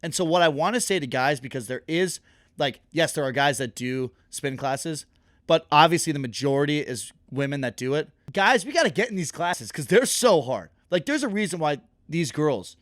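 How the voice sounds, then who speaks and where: A young man co-hosting a podcast, telling stories in animated casual chat and laughing often. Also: a little high, normal speed, no room sound, clean studio sound. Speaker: podcast co-host.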